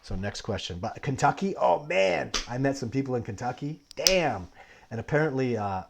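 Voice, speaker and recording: A man hosting a casual live Q&A stream, telling long, digressive stories with many restarts. He swings between animated bursts and low, muttered asides. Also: normal speed, gravelly, background noise. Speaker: livestream host answering viewer questions.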